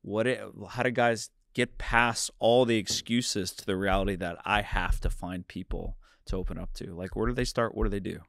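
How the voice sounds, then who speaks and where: Low-voiced man hosting a podcast. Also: fairly even intonation, normal speed, creaky, few pauses, a bit bright, dry recording, studio quality. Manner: asks questions thoughtfully, affirming. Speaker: podcast host. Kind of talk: casual podcast interview.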